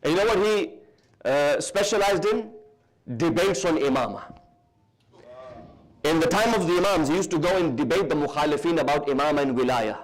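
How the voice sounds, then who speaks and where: High-voiced British preacher telling a story. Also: male voice, poor audio. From United Kingdom. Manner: lively, slows for emphasis, mixes in Arabic terms. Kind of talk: sermon storytelling. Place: large hall.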